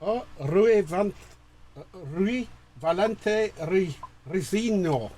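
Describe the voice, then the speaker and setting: A man's voice: sits high, expressive, slow pace, warm tone. A man, co-hosting a casual livestream and jokingly reading out viewer greetings. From England. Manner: jokey, bantering, stumbles over names.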